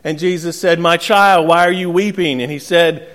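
A pastor giving an earnest sermon, telling a gentle joke along the way. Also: male voice, on the high side, fairly even intonation, normal speed. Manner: earnest preaching with gentle storytelling humor. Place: church sanctuary. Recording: long church reverb.

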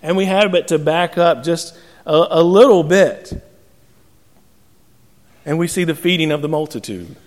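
A man delivers a sermon, telling stories with humorous asides. His voice sits high for a man and rings out with long reverb. It sounds like a large church sanctuary. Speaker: pastor.

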